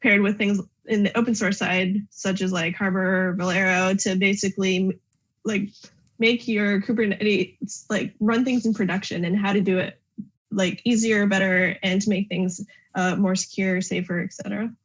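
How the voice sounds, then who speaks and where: A woman's voice: mid-range voice, little pitch movement, moderate pace. A woman on a video call casually previewing her conference talk, leaning heavily on "like". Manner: casual, heavy use of "like". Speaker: conference speaker. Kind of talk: casual chat.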